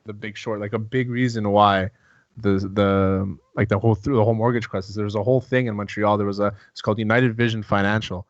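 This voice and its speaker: A man's voice: lowish voice, steady tone, fast talker, dry recording. Emphatic swearing man on a dry lo-fi mic. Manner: emphatic, swears freely, repeats for effect. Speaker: podcast co-host. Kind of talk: casual podcast banter.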